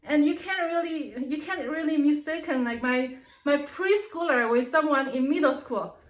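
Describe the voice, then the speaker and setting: A woman from China, telling a comic personal story in English, halting and restarting often. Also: sits high. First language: Chinese. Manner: halting, with many restarts and laughs. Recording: roomy echo.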